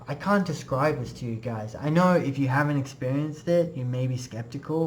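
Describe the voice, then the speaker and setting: A man's voice: medium pitch, a little hiss or hum. A young man giving a casual, earnest personal testimony in a web class, rambling with many fillers.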